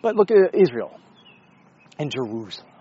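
A man's voice: fairly high pitch, big pitch swings, normal speed, breathy edge, muffled recording. A man rambling and swearing in a casual monologue while walking his dog outdoors, joking at his own expense. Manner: rambling, profane, self-mocking, talks to his dog. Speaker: vlogger. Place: outdoors on a neighborhood street.

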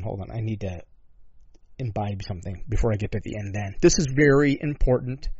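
A man's voice: on the low side, brisk, darkish tone, husky, dry recording. A man hosting a talk show who rambles in a sarcastic, profane way, with many asides and swearing. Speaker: podcast host. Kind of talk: casual profane commentary. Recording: dull lo-fi dry sound.

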